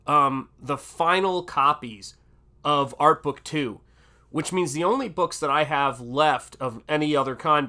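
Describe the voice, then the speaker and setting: A middle-aged man with a Southern American accent hosts a livestream, chatting casually in a rambling way with lots of fillers. His voice is mid-range, pushed and bright.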